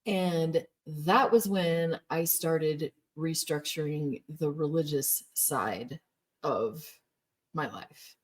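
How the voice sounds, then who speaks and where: A woman's voice: low voice, drawn-out words, recorded from a distance. A woman in her thirties telling her personal story candidly, often laughing as she speaks. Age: 30s. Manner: candid, laughs often, acts out quoted voices. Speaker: former Jehovah's Witness telling her story. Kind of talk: personal testimony.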